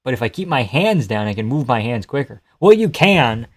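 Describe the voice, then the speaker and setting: A man's voice: medium pitch, very animated, normal speed. Crude, laughing young man streaming. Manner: crude, joking, laughs often, reads chat aloud. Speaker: livestream host. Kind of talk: live fight reaction stream.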